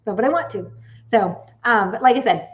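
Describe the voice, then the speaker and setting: Woman, late 40s, psychic medium host; casual, animated storyteller who swears; dull lo-fi audio. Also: a little high, a little fast. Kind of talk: casual chat to viewers.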